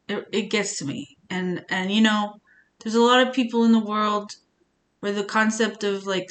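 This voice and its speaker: A woman's voice: mid-range voice, fairly bright tone. A woman streamer chatting casually on a live stream, rambling with many restarts and sounding earnest and emotional.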